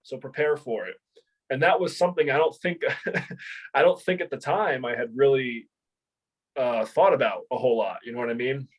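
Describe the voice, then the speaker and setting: A man's voice: medium pitch, moderate pace, low-quality recording. A man in his thirties, a former Marine and martial arts instructor, telling stories in a casual interview, swearing freely, laughing and rambling with fillers. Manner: rambling with many fillers and restarts.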